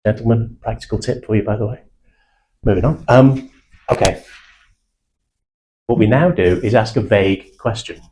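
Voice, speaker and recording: Confident Mancunian sales trainer, darker tone. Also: male voice, fairly low pitch, moderate pace, pauses often, dark tone, poor audio. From England (South Manchester). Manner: blunt, confident, uses British slang. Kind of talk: live sales training talk.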